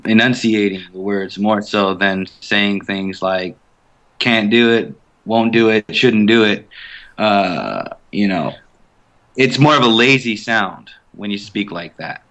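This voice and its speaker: A man's voice: on the low side, bright, forceful tone, muffled recording. A man being interviewed as a guest voice actor, talking casually and thoughtfully, with many fillers and restarts.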